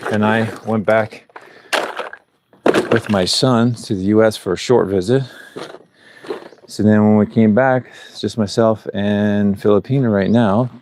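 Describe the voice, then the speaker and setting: A man's voice: on the low side, fairly even intonation, measured pace, long pauses, noisy background. A middle-aged man vlogging live outdoors on a rural building site, chatting in a rambling way and chuckling between thoughts. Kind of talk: casual live-stream chat. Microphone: clip-on mic.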